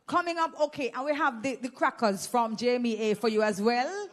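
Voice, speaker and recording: A woman's voice: fairly high pitch, normal speed. A Jamaican woman hosting a live event on a handheld microphone, teasing the audience and running prize games. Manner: playful, teasing, energetic. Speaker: event host.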